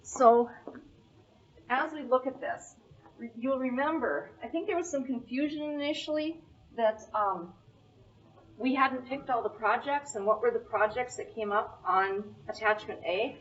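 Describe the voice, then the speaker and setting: A woman's voice: on the high side, measured pace. Woman presenting at a board meeting, heard from a distance. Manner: explanatory, walks through a screen document step by step. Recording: distant, dull meeting-room recording.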